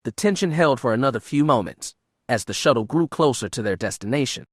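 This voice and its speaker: A man narrating an unabridged science-fiction audiobook in a steady, measured way. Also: medium pitch, no room sound, studio quality. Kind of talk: scripted narration.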